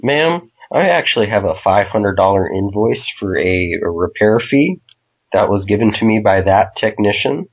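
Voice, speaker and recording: A man's voice: lowish voice, expressive, moderate pace, husky. A man posing as a customer service agent on a prank call, mock-polite and baiting. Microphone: phone. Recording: tinny phone line.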